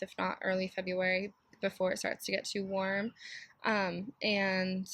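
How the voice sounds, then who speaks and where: A woman in her thirties, hoarse and raspy from a cold, hosting a casual solo podcast in a chatty, candid way with many fillers. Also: mid-range voice, fairly bright tone, no echo. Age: 30s. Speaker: podcast host.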